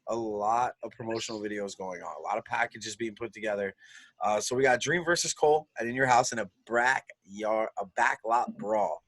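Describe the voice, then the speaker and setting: A man's voice: on the low side, fairly quick, a bit bright, no room sound. A man co-hosting a wrestling podcast in casual chat, enthusiastic and peppering his talk with "man" and "dude". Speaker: podcast co-host.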